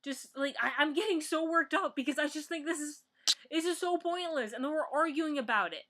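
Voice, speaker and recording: A woman's voice: sits high, a little fast, a bit bright. Frustrated young American woman ranting. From United States. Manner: blunt and swearing, frustrated, restarts often. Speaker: vlogger. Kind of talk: heated political rant. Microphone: built-in computer mic.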